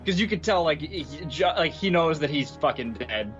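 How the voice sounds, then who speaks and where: A man's voice: on the high side, animated, moderate pace, fairly bright tone, lo-fi sound, faint music behind. A man co-hosting a casual movie review podcast, rambling and filling his talk with "like". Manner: rambling, heavy use of filler "like". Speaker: podcast co-host.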